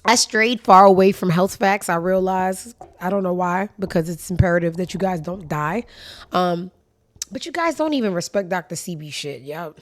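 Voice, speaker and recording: A woman's voice: lowish voice, moderate pace. A woman hosting a casual commentary show, sassy, blunt and profane, speaking. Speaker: host.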